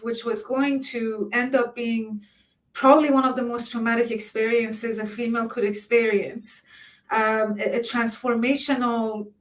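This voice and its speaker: A woman from Iran, a lawyer, telling a personal story in a talk, earnest and emotional with halting restarts. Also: fairly high pitch, far from the mic, rough recording. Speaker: lawyer and summit speaker. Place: conference stage.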